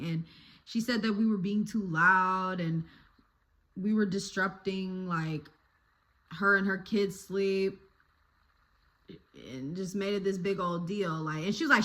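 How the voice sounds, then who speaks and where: A young woman YouTuber telling a childhood story in a casual, animated way, laughing and cursing freely. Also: medium pitch, a little slow.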